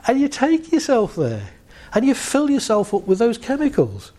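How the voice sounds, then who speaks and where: Guy leading a group visualization, soft dark tone, high-ish pitch, easygoing coach. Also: normal speed. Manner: calm, coaching, laughs lightly between points. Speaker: therapist. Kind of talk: guiding a group through a visualization exercise.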